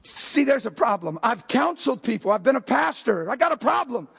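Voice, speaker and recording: An older man delivers a sermon from the pulpit. His voice sits strikingly high and carries a gravelly rasp, and he keeps jumping from calm explaining to fiery shouted lines. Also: brisk. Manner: preaching with sudden shouted outbursts. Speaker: pastor.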